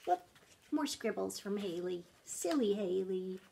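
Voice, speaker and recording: A woman in her thirties or forties reading a picture book aloud to children, speaking gently and stopping often to ask them questions. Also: medium pitch, lively intonation, measured pace, vocal fry, slight background noise. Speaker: storytime reader.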